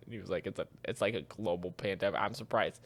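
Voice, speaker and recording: A man's voice: deep voice, fast. A young man co-hosting a podcast, chatting casually and acting out both sides of his work stories. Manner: storytelling, acts out both sides of conversations. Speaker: podcast co-host. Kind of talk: casual chat.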